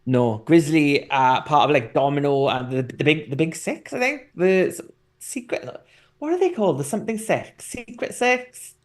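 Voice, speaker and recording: A man's voice: fairly high pitch, moderate pace. Rambling man co-hosting. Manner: rambling, animated storytelling with swearing. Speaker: co-host. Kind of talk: casual chat.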